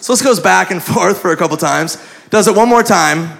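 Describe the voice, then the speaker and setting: A man's voice: high voice, brisk, creaky, a bit bright. A man doing crude stand-up storytelling on a club stage, laughing through his punchlines. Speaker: stand-up comedian. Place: comedy club stage with live audience. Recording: live club recording with crowd laughter and noise.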